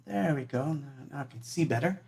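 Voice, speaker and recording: A man's voice: on the high side, brisk, creaky, a little mellow. A man, a musician hosting a livestream, chatting casually and rambling with lots of fillers and laughs.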